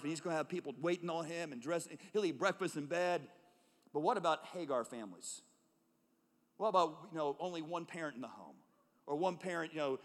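A man preaching a sermon as a pastor, swinging between loud emphatic calls and hushed, low tones. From United States. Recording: long reverb of a large hall.

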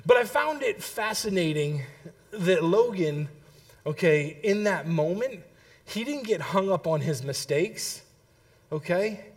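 A man's voice: high voice, slow. A middle-aged man preaching a sermon, telling a family story and checking in with the congregation. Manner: storytelling, lively, addresses the congregation with "okay?". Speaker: pastor.

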